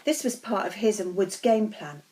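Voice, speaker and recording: A woman teacher reading a children's novel aloud in a steady, expressive storytelling voice. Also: medium pitch, moderate pace, poor audio.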